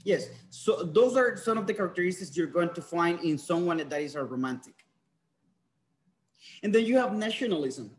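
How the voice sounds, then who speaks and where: A man's voice: high-pitched, expressive, normal speed. A man teaching a class online, switching between languages and correcting his students' pronunciation. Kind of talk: bilingual class lecture.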